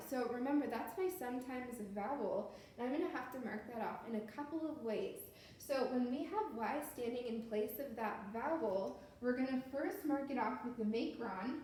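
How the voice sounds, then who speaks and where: A woman's voice: fairly high pitch, darkish tone. Woman teaching phonics in an echoey room. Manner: patient, step-by-step explaining. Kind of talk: phonics lesson walkthrough. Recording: very echoey room with faint noise.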